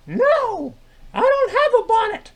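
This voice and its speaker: A man voicing a cheeky young boy puppet in a children's skit, drawing out his words and tossing off deadpan wisecracks. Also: very high voice, slow pace, voice pushed up, heavily acted.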